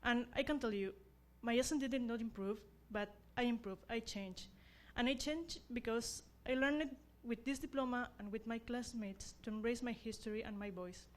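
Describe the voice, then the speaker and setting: Young woman, non-native English speaker, class rep at a graduation; slightly high voice, earnest and self-deprecating, halting phrasing. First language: not English. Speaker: class representative. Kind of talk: graduation speech.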